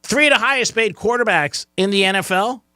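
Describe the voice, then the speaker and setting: A man hosting a talk radio show in the studio, joking and getting excited, laughing often. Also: sits high, brisk, clear, resonant tone, no room sound. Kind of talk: casual talk radio banter. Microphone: studio microphone.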